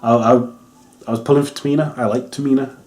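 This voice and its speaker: A man's voice: mid-range voice, steady tone, fast talker, a little mellow. Rambling English man reviewing wrestling. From England. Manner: rambling, laughs often, swears casually. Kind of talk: casual video review.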